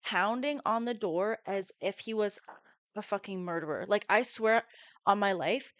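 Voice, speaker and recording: A woman in her twenties co-hosts a podcast, telling a story casually at medium pitch and an unhurried pace, with no echo. She's an animated storyteller who swears a lot and acts out the quotes.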